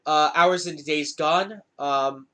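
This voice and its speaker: On the high side and slow-paced, this young man's voice carries his podcast. His storytelling is casual, animated, and heavy on profanity.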